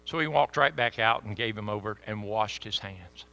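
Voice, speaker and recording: A man preaching a sermon with sudden swings between loud emphasis and hushed asides. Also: lowish voice, normal speed, vocal fry.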